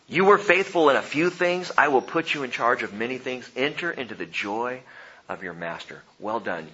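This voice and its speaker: A male pastor preaching a sermon, animated, swinging between loud emphasis and hushed low lines. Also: highs cut off.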